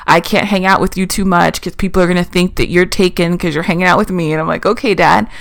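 A woman's voice: fairly low pitch, level tone, quick pace, gravelly, dry recording. A woman co-hosting a podcast, telling a personal story in a chatty, casual way with many "like" fillers. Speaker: podcast co-host. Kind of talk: casual chat.

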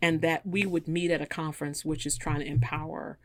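Speaking a little fast in a low, flat voice, a fifties-aged woman engineer on as a guest animatedly recounts a story during a conversation, voicing its characters.

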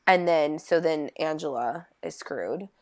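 A woman's voice: deep voice, measured pace, dry recording. A young woman in casual chat, co-hosting with wry, dry asides and some swearing. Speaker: podcast co-host.

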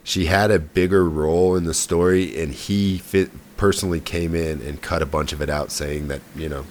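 Deep-voiced man chatting casually. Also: steady tone, moderate pace, a little hiss or hum. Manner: conversational, trails off and restarts. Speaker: podcast co-host. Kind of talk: casual gaming news chat.

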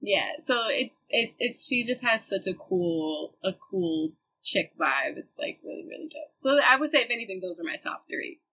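A woman's voice: medium pitch, expressive, normal speed, hardly any pauses, pushed and bright, a little hiss or hum, rough recording. A young woman guest, a musician, chatting in a laid-back, slangy way and laughing often. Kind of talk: casual chat.

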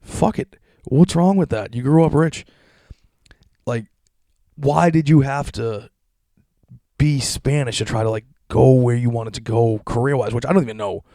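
A man's voice: medium pitch, moderate pace, pauses often, dark tone, dry recording, clean studio sound. A young adult man hosting a solo podcast, ranting in a profane, sarcastic, mocking way with frequent laughter. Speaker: podcast host.

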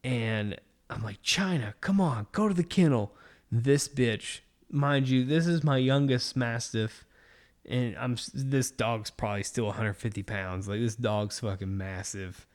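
A man in his thirties, a podcast co-host, telling a story in casual chat, animated and swearing a lot. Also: mid-range voice, a little slow.

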